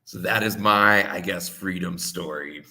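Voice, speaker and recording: A man's voice: low voice, a little slow, sharp tone. A man telling a casual story, rambling with lots of "like" fillers and frequent laughs. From United States. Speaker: co-host.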